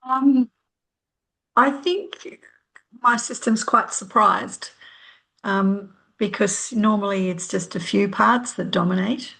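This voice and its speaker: Slow, hesitant middle-aged woman. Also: mid-range voice, gravelly, fairly bright tone. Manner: hesitant, reflective, many ums. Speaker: healer, workshop participant. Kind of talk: casual sharing. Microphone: video call.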